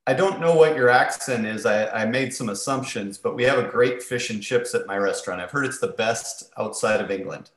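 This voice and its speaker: A man who is a doctor and restaurant owner, talking as a podcast guest in a halting way with stammered starts. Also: mid-range voice, reverberant.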